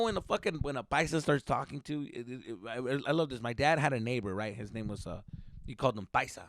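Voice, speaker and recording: Gravelly, heated ranting man. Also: mid-range voice, expressive, fast, no echo. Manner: heated, swearing, swinging between loud and muttered. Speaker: comedian podcast host. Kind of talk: profane comedic rant.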